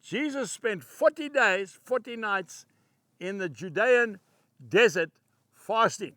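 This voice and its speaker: A male preacher delivering a devotional sermon with emphatic, punchy phrasing. He slows right down when he reads scripture. His voice is high and bright, recorded close and dry. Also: expressive, no room sound.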